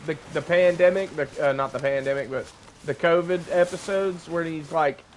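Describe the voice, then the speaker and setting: A man's voice: on the high side, normal speed, a little hiss or hum. A young adult man streaming a survival game, chatting casually with jokes, swearing and frequent laughter. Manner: joking, swearing, laughs often. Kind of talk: casual gaming livestream chat.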